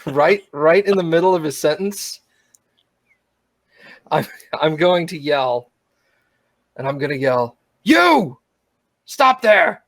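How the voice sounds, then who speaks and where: A man's voice: on the high side, takes it slowly, long pauses, no echo. A man playing a tabletop game, talking hesitantly and playfully. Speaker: player.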